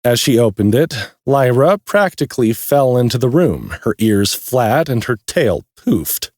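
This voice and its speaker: Male narrator, husky, lively intonation, dry close recording, scripted audiobook. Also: medium pitch, a little slow, dry recording.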